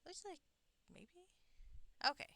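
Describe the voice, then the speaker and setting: A woman's voice: very high-pitched, lively intonation, slow pace, gravelly, sharp tone, no room sound. A woman streaming a game live, chatting casually in a rambling way and swearing now and then. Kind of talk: casual live gameplay commentary.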